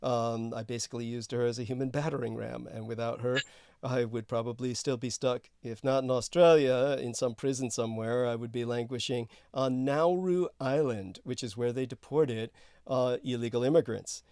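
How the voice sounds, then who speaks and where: A man hosting a casual call-in show, talking in a halting way with many fillers and pauses. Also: mid-range voice, fairly even intonation, darkish tone, clean tone, dry recording, studio quality. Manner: halting, filler-heavy, slips into a put-on crooning sweet-talk voice. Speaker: show host. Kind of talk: rambling casual call-in chat.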